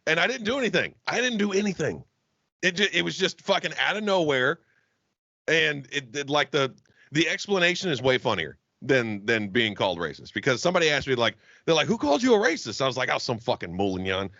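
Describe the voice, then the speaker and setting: A man's voice: medium pitch, very animated, brisk, bright, forceful tone, no echo, muffled recording. A man from the Southern US co-hosting a podcast, chatting casually with a profane, joking manner and frequent laughter. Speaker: podcast co-host. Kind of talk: casual comedic chat.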